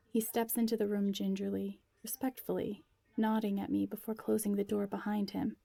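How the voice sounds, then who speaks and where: A woman's voice: medium pitch, flat delivery, moderate pace, vocal fry, mellow, no echo. A woman reading a first-person story aloud in an intimate way, often close to a whisper. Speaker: narrator.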